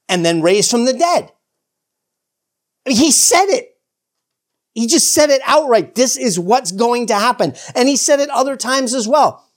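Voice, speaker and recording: A preacher giving an informal sermon, chuckling often and acting out biblical dialogue in a conversational way. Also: mid-range voice. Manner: informal, chuckles often, frequent "you know"; acts out biblical dialogue in quoted voices.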